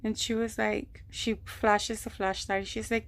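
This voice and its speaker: A woman's voice: on the high side, measured pace, no echo. Woman rambling through a storytime vlog. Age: adult, mother of a grown son. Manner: rambling, animated retelling with quoted voices. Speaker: vlogger. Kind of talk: casual storytelling.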